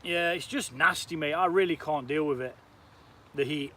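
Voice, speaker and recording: A man's voice: a little high, moderate pace, fairly bright tone. Chatty British man cooking outdoors. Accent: British English. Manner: chatty, swears lightly, laughs often, reads viewer comments aloud. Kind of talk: casual live-stream chat while cooking outdoors. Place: outdoors, cooking on a camp stove.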